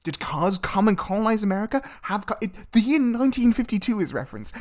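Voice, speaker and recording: A man's voice: quick pace, hardly any pauses. A young man co-hosting a casual comedic podcast, recapping a film with sarcastic asides and freely swearing, his voice jumping up when incredulous. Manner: animated, mocking, swears freely, spikes high when incredulous. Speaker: podcast co-host.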